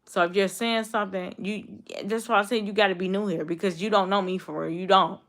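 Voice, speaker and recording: Her voice is mid-range and a bit bright, with a steady tone and a slightly fast pace. A blunt YouTube streamer in her twenties, about twenty, she chats casually with viewers live, repeating herself and talking right back to commenters.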